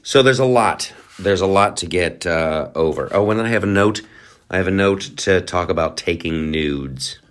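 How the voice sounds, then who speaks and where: A podcast host runs a comedy show, delivering a rambling, sarcastic, profane monologue packed with fillers. He has a low-pitched voice and speaks at a moderate pace.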